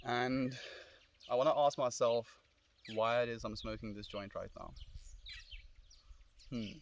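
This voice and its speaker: Relaxed South African man streaming outdoors. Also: mid-range voice, measured pace, lo-fi sound, a little hiss or hum. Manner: relaxed, friendly, reflective, calls viewers friend. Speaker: live streamer. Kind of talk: casual live-stream chat reading comments. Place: outdoors under a tree in the sun. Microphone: phone.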